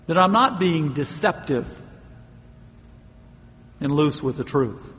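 A man's voice: on the high side, lively intonation, slow pace, pauses often, fairly bright tone, long reverb tail. A man preaching a sermon, earnest and emphatic, stressing key words and now and then laughing.

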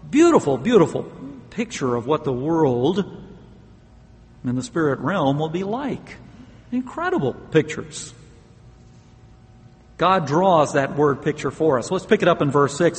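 A man preaching a sermon in an earnest, emphatic way, leaning hard on the words he wants to stress. His voice sits a little higher than most men's, and a long reverb trails behind it as if he is in a large hall. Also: big pitch swings, a little slow, long pauses. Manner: earnest, emphatic, with occasional laughs.

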